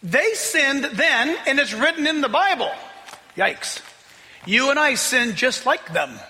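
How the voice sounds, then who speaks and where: A man preaching a sermon in a lively, playful, conversational way. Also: extremely high pitch, takes it slowly, in a large hall.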